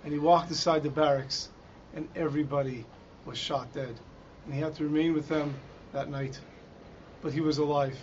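A man's voice: fairly high pitch, fairly even intonation, moderate pace, a little hiss or hum. A man giving a Torah talk as a dramatic storyteller who raises his voice for quoted lines. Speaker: Torah teacher. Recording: dull lo-fi recording.

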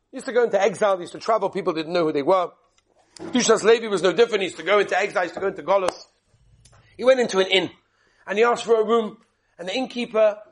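A man giving a sermon-style Torah talk, telling a story with rhetorical questions and dramatic swings between soft and loud. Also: sits high.

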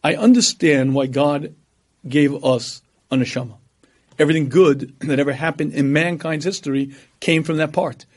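A man lecturing on religion, his voice sitting fairly high for a man. He mixes stories with teaching, acts out the people in them, and keeps pausing to clear his throat. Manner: storytelling, animated quoting of others.

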